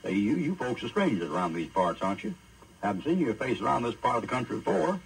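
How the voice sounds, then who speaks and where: A man's voice: medium pitch, very animated, fast talker, creaky, husky, heavily acted, rough recording. A man preacher voicing Lot, a folksy, hospitable old man who drawls and stammers. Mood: friendly.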